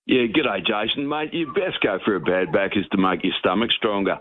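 Low-voiced Australian man on a noisy phone. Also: moderate pace, no room sound, phone-quality sound. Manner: plain, hesitant. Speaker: caller. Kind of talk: phone-in advice.

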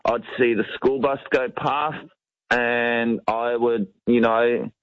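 A man's voice: medium pitch, level tone, slow pace, no echo. Easygoing man from New Zealand, on-air chat, muffled dry radio sound.

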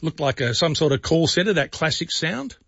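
A man's voice: on the high side, animated, normal speed, creaky, a bit bright, breathy edge, dry recording, muffled recording. A man hosting a talk radio show, drawing out a caller's story with casual follow-up questions. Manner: conversational, prompts with questions. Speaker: radio host.

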